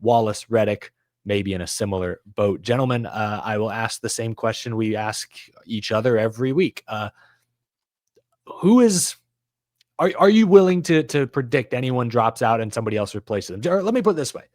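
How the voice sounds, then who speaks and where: Guy hosting a racing podcast, lowish voice, dry close sound, just chatting. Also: normal speed, no room sound. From American South. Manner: animated, runs through stats, leads the discussion. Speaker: podcast host. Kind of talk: casual chat.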